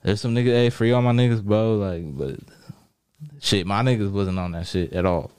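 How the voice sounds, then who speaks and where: A man casually telling stories from prison in a relaxed, profane way, laughing often and filling his talk with "like" and "you know what I mean". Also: lowish voice, moderate pace, clear, resonant tone, dry recording, studio quality. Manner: laid-back, profane, laughs often, many fillers. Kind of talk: casual storytelling chat.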